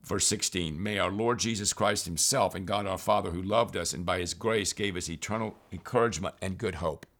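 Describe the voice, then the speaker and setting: Male priest with a somewhat low voice, earnest and unhurried, leading a Bible reading talk. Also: a bit bright. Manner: earnest, unhurried, reads scripture aloud.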